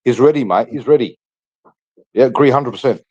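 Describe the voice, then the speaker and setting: A man's voice: medium pitch, a little fast, a little mellow, lo-fi sound. A man with an Australian accent, blunt and repetitive, swearing in casual footy chat. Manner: blunt, repeats himself, swears. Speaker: panelist on a fan stream.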